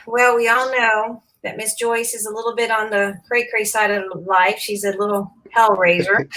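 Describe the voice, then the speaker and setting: A woman's voice: medium pitch, flat delivery, moderate pace, a bit bright, poor audio. A woman in her fifties hosting a craft livestream, chatting casually, laughing often and greeting viewers by name. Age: 50s.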